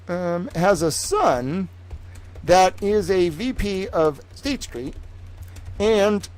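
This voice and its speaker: A man streaming, talking in a rambling, profane, animated way as he tells stories. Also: high voice, slow pace, long pauses. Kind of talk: casual livestream rant.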